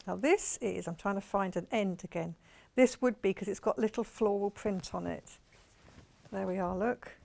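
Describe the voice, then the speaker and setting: A woman's voice: medium pitch, normal speed, vocal fry, darkish tone. A woman with a Portsmouth accent presenting products live on a shopping channel in a television studio, chatty and rambling, gushing over what she shows. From England.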